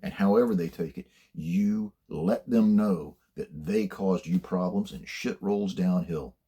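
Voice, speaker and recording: Blunt older man, deep husky voice. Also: a little slow, warm tone. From United States. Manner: blunt, plainspoken, swears freely. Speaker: host giving career advice. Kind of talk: casual advice monologue.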